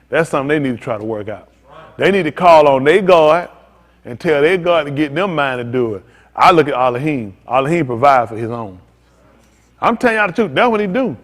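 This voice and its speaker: A man preaches with fervent, repetitive insistence, hammering home his lines in loose everyday speech. His voice sits fairly high for a man. The sound hangs in a long, echoing hall. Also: lively intonation, a little fast. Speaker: pastor. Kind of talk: sermon.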